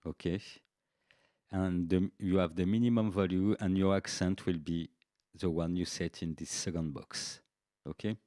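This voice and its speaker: A man explaining music software features in a live-streamed tutorial, unhurried and checking in with "okay" as he goes. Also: deep voice, steady tone. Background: faint drum machine beats.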